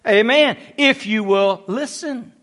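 High-voiced preacher man, emphatic. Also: takes it slowly, fairly bright tone. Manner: emphatic preaching with dramatic storytelling. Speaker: pastor. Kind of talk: sermon.

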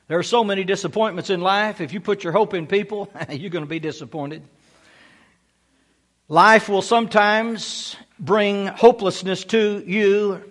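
A man's voice: high voice, fairly even intonation, normal speed, a bit bright. A man preaching a sermon as pastor, emphatic and repeating key phrases.

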